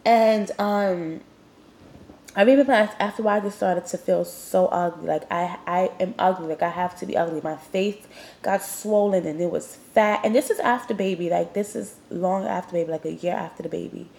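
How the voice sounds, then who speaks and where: In a confessional podcast monologue, a young host rambles candidly and leans heavily on "like." She seems slightly congested and keeps sniffling. Her fairly low voice is creaky and darkish, and she speaks at a normal speed.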